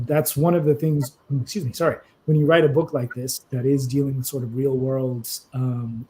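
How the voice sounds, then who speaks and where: A man, a novelist being interviewed, speaking in a reflective, halting way that turns emotional at times. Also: a little high, a little mellow, a little hiss or hum, low-quality recording.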